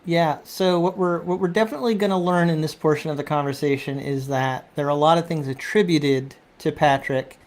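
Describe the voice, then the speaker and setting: A man hosting a casual conversation, talking haltingly with restarts and throat clearing. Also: on the high side, fairly even intonation. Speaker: host. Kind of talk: casual chat.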